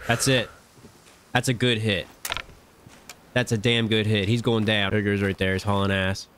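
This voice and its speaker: A man giving excitable hunting-game commentary, swearing and talking straight to his viewers. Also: on the low side, moderate pace, background noise. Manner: animated, swears often, talks to viewers. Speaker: gaming channel host.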